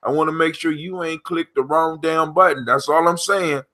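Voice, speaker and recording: A man with a bright, forward, fairly high voice. He banters casually in a slangy, easygoing way. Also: steady tone, moderate pace. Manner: laid-back, slangy banter. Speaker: podcast host. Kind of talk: casual chat.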